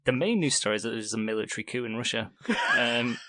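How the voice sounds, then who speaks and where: A man's voice: mid-range voice, fast, pushed and bright. A man co-hosting a podcast, rambling chattily with plenty of laughs. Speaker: podcast co-host. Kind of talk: casual chat.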